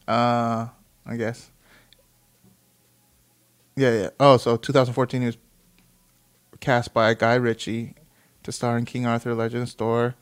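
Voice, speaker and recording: Brief A man in a medium-pitched voice, neither high nor low, talks his way through an article in a loose, unscripted reaction. He reads a line, then riffs on it with restarts, swearing and offhand asides. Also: fairly even intonation, slow pace, pauses often, clear, resonant tone. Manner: rambling, profane, reads aloud then reacts. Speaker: commentator reading an article. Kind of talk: casual reaction commentary.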